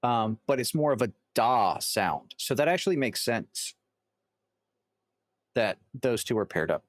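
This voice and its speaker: A man's voice: medium pitch, animated, measured pace, no room sound. Rambling man reacting. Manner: rambling, lots of fillers and restarts. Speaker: reaction video host. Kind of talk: casual reaction commentary.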